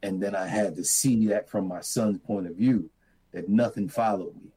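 A middle-aged farmer tells his stories with earnest conviction, growing lively as he recounts them. His voice sits low with a husky, breathy edge. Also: moderate pace, low-quality recording. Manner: earnest, animated when retelling. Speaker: farmer and mentor. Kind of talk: reflective storytelling.

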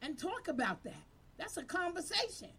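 A woman's voice: very high voice, very animated, normal speed, vocal fry, bright, forceful tone, slight background noise. Fired-up woman preaching to her team. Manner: fiery, preaching, call-and-response. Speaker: community violence-prevention leader. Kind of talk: impassioned speech to a team. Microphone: handheld microphone.

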